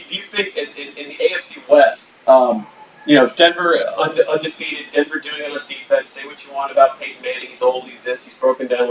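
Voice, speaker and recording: A man co-hosting a casual sports podcast, ranting and swearing freely. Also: fairly high pitch. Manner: profane, ranting. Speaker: podcast co-host. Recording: echoey, distant, dull, faint hiss.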